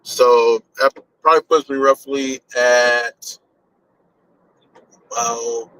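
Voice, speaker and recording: A man's voice: medium pitch, fairly even intonation, extremely slow, sharp tone, rough recording. A man chatting loosely on a live stream while driving, rambling and swearing casually as he thinks aloud. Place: in a car on a highway.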